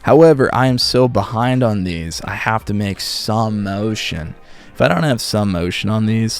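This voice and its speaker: A relaxed man rambling through a casual livestream. He reads chat questions aloud, and his slightly sore voice has a gravelly fry. His pitch swings widely, with faint music playing behind him. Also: moderate pace. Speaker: audiobook narrator and livestreamer.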